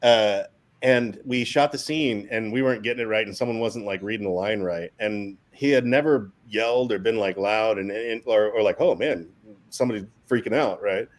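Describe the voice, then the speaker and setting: A man's voice: lowish voice, normal speed. A man telling a casual, self-deprecating story as a guest on a panel chat.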